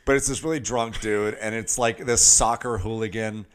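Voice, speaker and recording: A man's voice: fairly low pitch, steady tone, normal speed, clear, resonant tone. Rambling, joking male podcast co-host. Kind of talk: casual chat. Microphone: mic on a stand.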